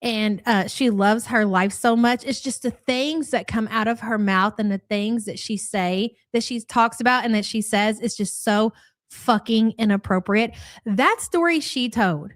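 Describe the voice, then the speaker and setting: A woman's voice: fairly high pitch, measured pace, no echo, studio quality. A woman hosting a morning live stream, chatting casually, rattling off viewer names and swearing bluntly.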